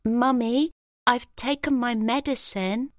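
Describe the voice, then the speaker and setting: Small three-year-old boy, high, slow, sweet, woman putting it on, dry studio sound. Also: fairly even intonation, no room sound. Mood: sleepy. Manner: soft and slow, childlike.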